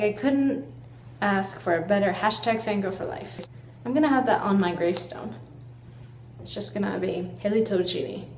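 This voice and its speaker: A woman's voice: medium pitch, echoey room, slight background noise, poor audio. A young woman vlogger reading an old letter aloud and mocking her own writing as she goes. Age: young adult. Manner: self-mocking, animated.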